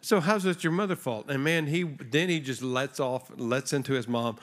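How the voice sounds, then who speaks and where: A guest preacher stands on a church stage before a congregation, giving a conversational sermon. He tells a story and acts out its voices, his mid-range voice moving at a moderate pace with hardly any pauses.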